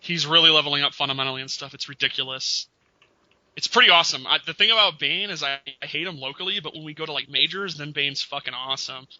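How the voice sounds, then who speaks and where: A man hosting a casual gaming podcast, animated and laughing, often imitating other players. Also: fairly high pitch, fast talker, dry recording. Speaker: podcast host. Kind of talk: casual podcast chat about fighting games. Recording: dull lo-fi audio.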